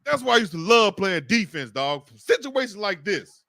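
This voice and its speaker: Brief: high-voiced, bright fan commentator, hyped live play-by-play, dry close mic. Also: male voice, normal speed, vocal fry, no echo. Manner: excitable, shouting, cursing, slangy. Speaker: live stream host doing fan play-by-play.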